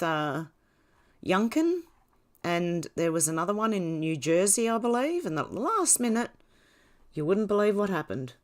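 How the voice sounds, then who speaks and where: A woman hosting a casual livestream, greeting viewers by name in a chatty way with frequent ums and small laughs. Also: fairly low pitch. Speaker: livestream host.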